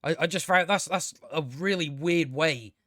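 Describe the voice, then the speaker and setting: A man's voice: on the high side, moderate pace, bright, forceful tone, dry recording, clean studio sound. A man giving a casual spoken TV review, ranting with exasperation, stumbling over restarts and swearing.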